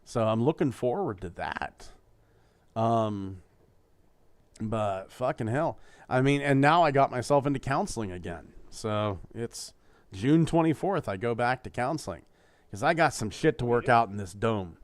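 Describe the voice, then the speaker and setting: A man's voice: mid-range voice, animated, a little slow, no room sound. Middle-aged male podcast co-host, dry close sound, rambling profane storyteller. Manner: rambling, profane, tells crude jokes. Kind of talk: casual podcast chat.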